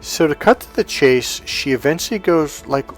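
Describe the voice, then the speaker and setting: A life coach telling a personal story in a blunt, emphatic way, with casual cursing. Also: male voice, a little high, expressive, moderate pace, soft background music. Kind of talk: storytelling monologue.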